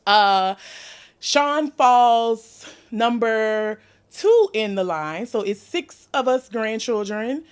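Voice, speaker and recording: A woman's voice: fairly high pitch, expressive, extremely slow, smooth. A woman in her thirties with a New Orleans accent, hosting a candid podcast conversation and laughing often as she talks. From New Orleans, USA. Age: 30s. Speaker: podcast host.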